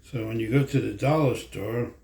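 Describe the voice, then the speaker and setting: A man's voice: medium pitch, moderate pace, creaky, mellow. A man chatting casually at home in a vlog, wandering from story to story in a folksy, meandering way. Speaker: vlogger. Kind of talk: casual rambling chat. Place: home room. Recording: echoey room, faint ambience.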